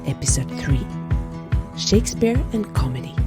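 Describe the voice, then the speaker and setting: A woman reading a scripted podcast narration in a measured, lightly wry delivery. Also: a bass voice, expressive, over loud music.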